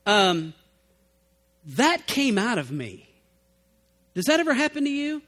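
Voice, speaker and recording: A man's voice: very high voice, wildly swooping pitch, slow, a bit bright. A middle-aged man preaching a sermon as pastor in a conversational way, acting out people's excuses. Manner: conversational, acts out quoted excuses.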